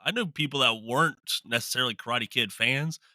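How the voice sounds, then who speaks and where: Bright-voiced easygoing male podcast host. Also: medium pitch, a little fast, no room sound. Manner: easygoing, affirming, light laughs. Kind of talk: casual podcast chat.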